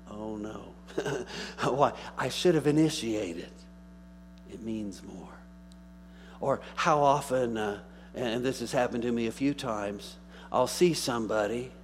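Pastor guy preaching a sermon, gets loud then goes quiet and chatty, bit of mains hum behind. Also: medium pitch. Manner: preaching with rising emphatic bursts and quiet asides.

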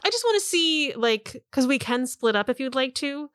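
A woman narrating a tabletop game as game master, upbeat and quick to laugh. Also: high voice, big pitch swings, a bit bright, dry recording, clean studio sound.

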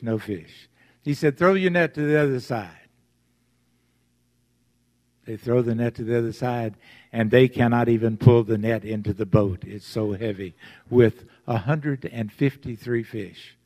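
Man, pastor, storytelling sermon, unhurried delivery, long hall reverb. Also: medium pitch, a little mellow. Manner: storytelling, acting out voices of the story.

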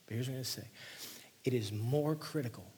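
A man preaching a sermon, reading scripture and explaining it, sometimes dropping to a hushed near-whisper for emphasis. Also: medium pitch, a little fast, a little hiss or hum. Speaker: pastor.

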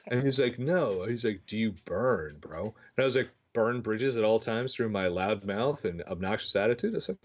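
This thirties-aged podcast co-host talks briskly at a medium pitch, his intonation lively and his pauses almost nonexistent. It's casual chat full of fillers, self-mocking tangents, and rambling stories, captured in dull lo-fi sound.

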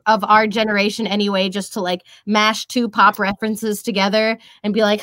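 A woman's voice: medium pitch, level tone, moderate pace, few pauses, fairly bright tone, no echo. A young woman who works as a voice actress, chatting casually in an interview in a bubbly, rambling way with lots of fillers. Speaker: voice actress and social media creator.

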